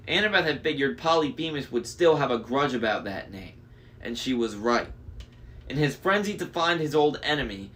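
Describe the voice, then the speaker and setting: A man reads a novel aloud in a mid-range voice. He pauses for casual comments and backs up to reread lines after slips. It sounds like a relaxed read-aloud. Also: mid-range voice. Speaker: reader.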